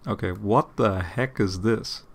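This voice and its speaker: The host of an apologetics channel, a man with a somewhat low, slightly creaky voice, explains a point in relaxed commentary at a rather slow pace. He restarts phrases, repeats words, and frequently pauses to ask "okay?" before continuing.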